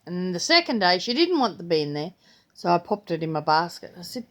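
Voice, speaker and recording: A woman's voice: on the low side, sing-song, quick pace. An older grandmother, chatting casually in her vlog, rambling and slipping into playful voices when she retells things. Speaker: vlogger. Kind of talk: casual chat.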